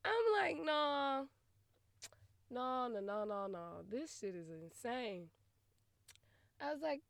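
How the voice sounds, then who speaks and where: A woman's voice: fairly high pitch, slow, vocal fry, pauses often, dry recording. Blunt, profane young woman telling a story. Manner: blunt, profane, animated, laughing often. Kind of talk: casual storytelling rant.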